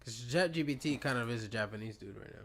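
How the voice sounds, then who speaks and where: A man's voice: mid-range voice, animated, fast, crowd noise. A man co-hosting a podcast, teasing the others bluntly in casual chat. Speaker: podcast co-host.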